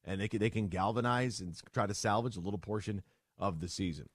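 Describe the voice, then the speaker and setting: Sports radio host, male, low pitch, dry studio mic, animated storyteller who plays both sides of a chat, blunt opinions. Rough-edged casual monologue. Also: quick pace, dry recording.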